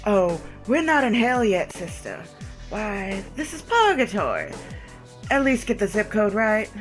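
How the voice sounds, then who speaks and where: A woman reading the lines of a smug, theatrical male vampire preacher, slow and emphatic, over faint music. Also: mid-range voice, big pitch swings. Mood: smug, teasing. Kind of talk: reading game dialogue aloud.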